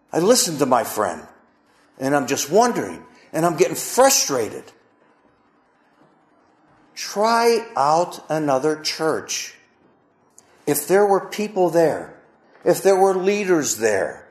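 High, lively preaching man, echoey room. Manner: preaching with rhetorical questions and emphatic repetition. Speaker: pastor. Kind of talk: sermon.

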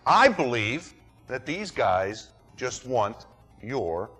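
A pastor preaching a sermon, dramatic and rhetorical, who acts out other people's words. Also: male voice, mid-range voice, big pitch swings, very slow, fairly bright tone, slightly rough, soft background music. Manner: dramatic, rhetorical, mimics voices.

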